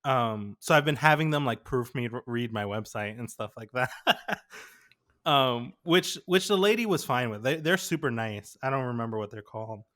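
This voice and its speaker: A man's voice: mid-range voice, expressive, normal speed, a bit bright. A young adult man, a podcast co-host, chatting casually and telling stories in a rambling way full of fillers. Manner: rambling, filler-heavy storytelling. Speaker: podcast co-host, graphic designer.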